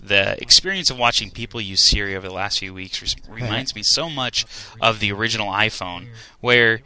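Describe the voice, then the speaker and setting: Bright-voiced young man, laughing a lot. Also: on the low side, fairly quick, rough recording. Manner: laughs often, excitable storytelling. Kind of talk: casual chat.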